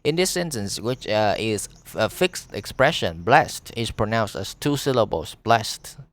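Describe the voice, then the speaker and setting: A man with a Vietnamese accent, a teacher reading an English lesson aloud, pausing often on fillers and restarts. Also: lowish voice, animated.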